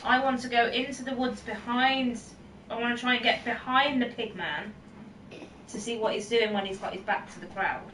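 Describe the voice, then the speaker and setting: A woman plays in a casual home tabletop game, laying out her plans aloud in a plain, mid-pitched voice. She sounds distant in an echoey room, with a clear layer of noise behind her. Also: moderate pace, a bit bright. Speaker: player. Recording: roomy, distant, noisy home recording.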